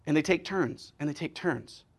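A man preaching a sermon to a women's gathering, acting out scripture scenes and swinging from loud declarations to hushed near-whispers. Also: a little high, normal speed, husky.

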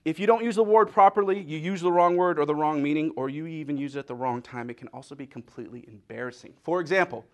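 A man with a fairly high voice delivers a lighthearted sermon. He is middle-aged and animated, jumping between jokes and stories built on wordplay. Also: quick pace, few pauses. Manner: animated storytelling with playful wordplay. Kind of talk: humorous sermon.

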